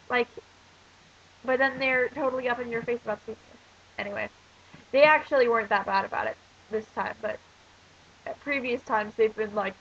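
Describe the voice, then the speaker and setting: Stuffy-nosed and coughing, a sick American exchange student in her teens rants and rambles in a casual vlog, leaning heavily on fillers. Her fairly high, slightly bright voice is gravelly, with mostly even intonation, a moderate pace and long pauses. It's a dull lo-fi recording with a faint hiss or hum.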